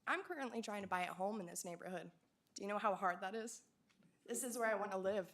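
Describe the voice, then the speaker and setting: Woman, 20s, public comment, earnest and pleading, medium pitch. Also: quick pace, fairly bright tone. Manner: earnest, grows emotional and pleading. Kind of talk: public comment at a council hearing.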